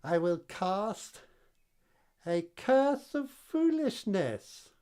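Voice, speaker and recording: A woman voicing a spiteful old swamp witch who casts hexes in slow, grand, high-pitched proclamations. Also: sing-song, warm tone, smooth. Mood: gloating.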